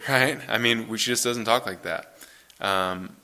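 A man in his thirties, a pastor, reading scripture and then preaching in a relaxed, conversational way in a church. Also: lowish voice, unhurried. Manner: conversational, relaxed, self-correcting.

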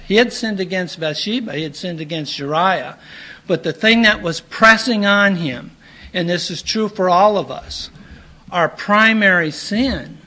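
A man preaching a sermon in an earnest, plain-spoken way, often pausing and clearing his throat. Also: sits high, sharp tone.

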